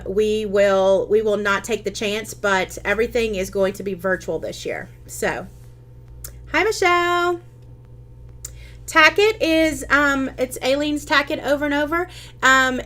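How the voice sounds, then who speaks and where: A woman's voice: mid-range voice, pushed and bright. A woman hosting a casual live-stream craft tutorial. She chats with viewers, answers their comments, and talks with frequent ums and restarts.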